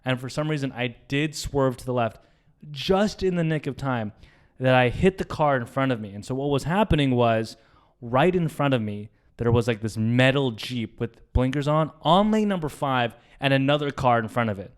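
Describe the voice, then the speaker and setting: A man's voice: medium pitch, normal speed, clean tone. A young man co-hosting a podcast, telling a story casually and animatedly, acting out the voices of the people in it. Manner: animated retelling, acts out quoted voices, swears. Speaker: podcast co-host.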